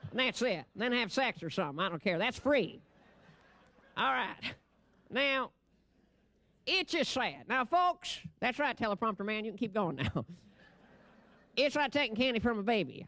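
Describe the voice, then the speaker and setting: A man's voice: very high-pitched, fairly bright tone, no room sound. A man giving a comic, ad-libbed stage presentation at a convention. He talks into a podium microphone, rambles brashly and laughs at his own jokes.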